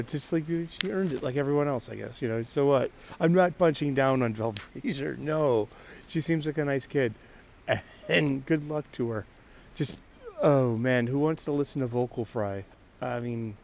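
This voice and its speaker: A man's voice: mid-range voice, moderate pace, a little mellow, a little hiss or hum. A man hosting a casual solo talk show, rambling with frequent restarts and laughter. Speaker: podcast host.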